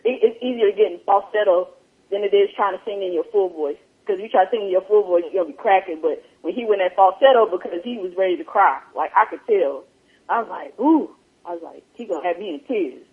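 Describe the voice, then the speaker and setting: A woman's voice: mid-range voice, slightly rough. A woman chatting casually with lots of laughter, quoting herself as she talks. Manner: animated, laughing, quotes herself a lot. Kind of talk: casual podcast chat. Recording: tinny phone-line sound.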